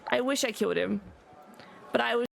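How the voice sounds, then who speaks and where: A woman's voice: a little high, a little fast, creaky, a little hiss or hum. A woman streamer in a played clip, ranting indignantly and throwing profane insults. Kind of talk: angry stream rant.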